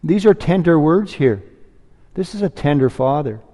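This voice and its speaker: A man's voice: on the high side, expressive, moderate pace, warm tone, long reverb tail. A man preaching a sermon, earnest and pleading, rising to emphatic peaks.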